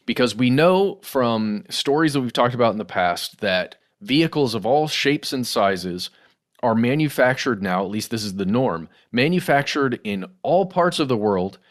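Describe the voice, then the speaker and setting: A middle-aged man co-hosting a podcast, talking through news stories in a loose conversational way and calling listeners "guys" and "y'all.". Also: medium pitch. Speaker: podcast co-host. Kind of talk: casual news discussion.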